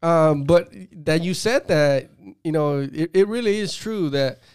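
A man with a crisp, resonant voice hosts a casual podcast chat, responding in a friendly, affirming way and using casual slang. The recording is dry and close-miked. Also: on the high side, unhurried, a little mellow, no echo. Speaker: podcast host.

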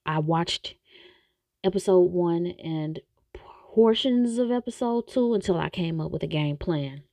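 A woman's voice: lowish voice, animated, a little slow, warm tone, dry recording. A woman hosting a podcast, ranting bluntly and with exasperation in casual opinionated commentary. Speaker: podcast host reviewing a TV series.

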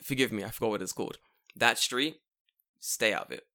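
A man co-hosting a casual podcast, swearing freely and breaking into loud mock shouting. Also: on the low side, brisk. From living in Japan. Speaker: podcast co-host.

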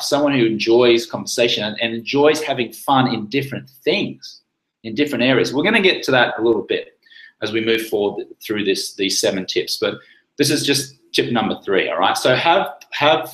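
Lively male coach, talks casually, acts out example lines, roomy echo. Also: medium pitch. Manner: animated, acts out sample lines in different tones. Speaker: sobriety coach.

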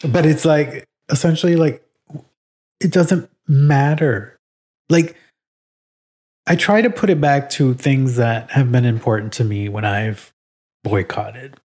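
A man in a relaxed podcast conversation, his voice sitting at an ordinary middle pitch. He talks in an animated, easygoing way, laughs often and drops the odd curse word. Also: takes it slowly, pauses often. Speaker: podcast co-host. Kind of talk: casual podcast chat.

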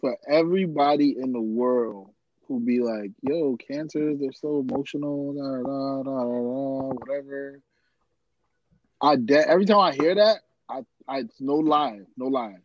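A man's voice: medium pitch, measured pace, no room sound. A man co-hosting a podcast, teasing a friend in casual banter. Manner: teasing, joking. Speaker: podcast co-host. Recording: slightly dull, dry sound.

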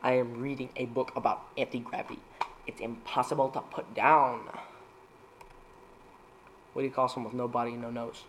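A man's voice: flat delivery, moderate pace, pauses often, a bit bright, slight background noise. Playful man reading dad jokes. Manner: playful, laughs at own jokes, jumps into higher voices for punchlines.

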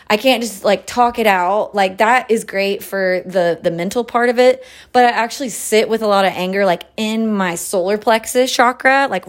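A young woman hosting a casual podcast, talking candidly with lots of swearing, fillers and laughs. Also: mid-range voice. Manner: profane, loose and candid; chatty with frequent fillers and laughs. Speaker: podcast host. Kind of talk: casual chat.

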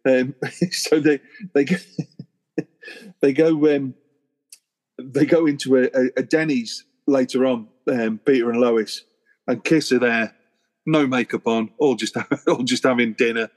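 Giggly man telling a story slowly. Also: mid-range voice, fairly even intonation, a little mellow. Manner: giggly, laughs through his stories. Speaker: podcast co-host. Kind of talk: casual chat.

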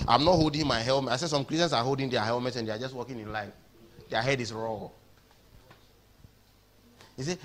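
A man with a Ghanaian accent preaching an animated sermon in a church, switching between English and Twi. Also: mid-range voice, brisk.

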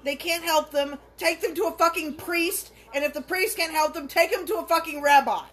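A woman's voice: very high-pitched, fairly even intonation, moderate pace, fairly bright tone. A woman co-hosting a film reaction podcast, talking bluntly and swearing freely in casual chat.

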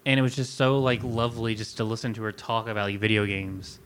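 A man co-hosting a podcast, chatting in a relaxed, easygoing way about music and accents. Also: lowish voice, fast talker, clear, resonant tone. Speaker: podcast co-host. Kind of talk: casual music chat.

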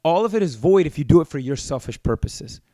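A man's voice: a little high, expressive, fast talker, mellow, no echo. Impassioned male preacher, dry close sound. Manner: impassioned preaching, rising to emphatic scolding. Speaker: pastor. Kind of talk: sermon.

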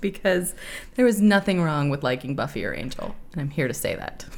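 A woman in her thirties hosts a casual podcast. Her voice sits low but swings widely as she talks. She tells stories candidly, with frequent laughs and the odd swear word. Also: brisk. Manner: animated, laughing, candid and profane. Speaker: podcast host.

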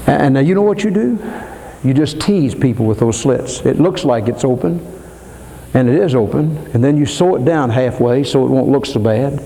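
An older man preaching a dramatic sermon in a church, swinging between soaring emphasis and low asides. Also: expressive, moderate pace, creaky, warm tone. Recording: long hall reverb.

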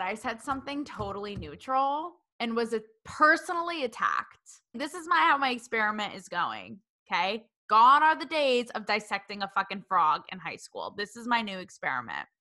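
A woman's voice: fairly high pitch, sharp tone. A young woman hosting her podcast, talking in a casual, exasperated monologue and swearing freely. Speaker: podcast host.

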